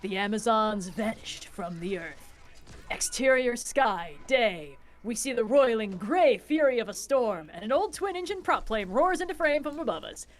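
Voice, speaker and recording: A woman with a slightly high voice reads stage directions aloud on a stream. She moves briskly through the action lines and breaks off now and then for wry, snarky asides. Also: expressive. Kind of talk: casual screenplay read-aloud.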